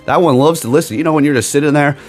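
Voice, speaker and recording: Racing along in a fairly high male voice with soft music underneath, the gaming YouTuber launches into a casual, rambling rant. He's emphatic and sarcastic, and keeps adding "okay?" to what he says.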